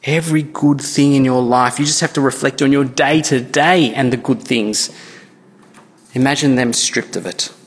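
A man's voice: medium pitch, steady tone, normal speed. A man, preaching a sermon as pastor in an earnest, conversational way with frequent restarts. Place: church. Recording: church hall with long reverb.

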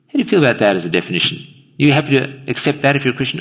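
A man's voice: medium pitch, lively intonation, rapid-fire, a bit bright, husky. A man preaching an evening sermon in a church, earnestly putting questions straight to his listeners. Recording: long reverb of a large hall.

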